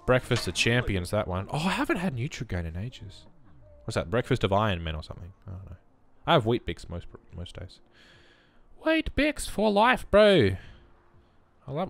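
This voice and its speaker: A young man giving chatty gameplay commentary as a let's play host, muttering reactions as he goes. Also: lowish voice.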